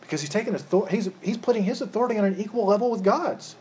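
A man's voice: sits high, quick pace, a little mellow, slight background noise. A man leading an interactive Bible study, quizzing his group and often repeating words as he rephrases.

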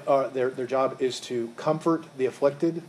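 A man's voice: medium pitch, normal speed. A man leading an interactive Bible study, quizzing his group and often repeating words as he rephrases.

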